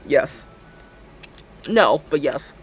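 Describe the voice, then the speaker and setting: A woman in her twenties streams a game, chatting in a giggly, rambling way packed with "like." Her low voice is animated and she draws out her words, with slight background noise.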